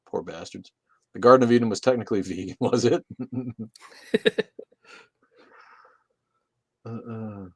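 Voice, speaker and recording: A man's voice: fairly low pitch, slow, pauses often, a little mellow, husky, no room sound. A man co-hosting a casual livestream, reading out chat comments with loose, profane jokes.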